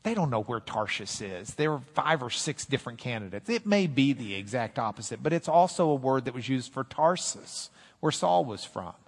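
A man preaching a sermon, animated, quoting scripture in dramatic voices. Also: medium pitch, moderate pace, husky. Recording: long hall reverb.

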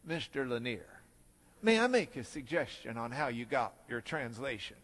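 A man imitating an older male Hebrew professor who speaks slowly and precisely, working his lips, with a long hall reverb. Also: mid-range voice, big pitch swings, a bit bright, voice pushed down. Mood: dry. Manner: slow, measured, moving lips as he talks.

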